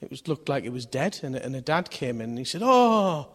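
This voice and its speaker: A husky man of medium pitch talks fast through a conversational sermon, quizzing his listeners and doing voices for the people in his stories. Long hall reverb surrounds him.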